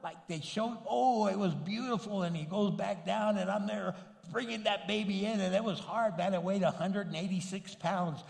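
A middle-aged man, a pastor, telling a story in a sermon with lively delivery and Spanish interjections. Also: high voice, moderate pace, gravelly. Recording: long hall reverb.

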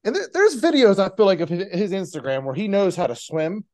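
Lively man firing off rhetorical questions. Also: sits high. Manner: animated, rapid-fire rhetorical questions. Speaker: podcast co-host. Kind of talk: casual political chat.

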